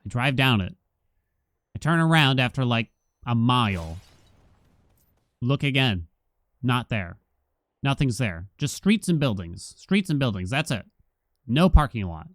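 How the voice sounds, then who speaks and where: A man's voice: medium pitch, a little slow, long pauses, dry recording. Guy streaming a game and yarning away, voice bounces all over, bursts out at good rolls. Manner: animated storyteller, chuckles and exclaims at game moments. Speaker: gaming streamer. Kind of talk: casual gameplay commentary with storytelling.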